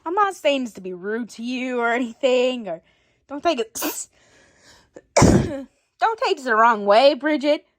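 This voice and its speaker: A woman's voice: high voice, animated, measured pace, pauses often, voice pushed down. Liliana, a blunt curious girl, as a woman does her. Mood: questioning.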